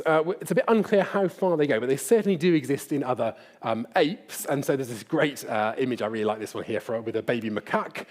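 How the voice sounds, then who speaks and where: A man's voice: on the high side, darkish tone. A middle-aged man giving a public lecture in a hall, speaking conversationally and addressing the audience directly.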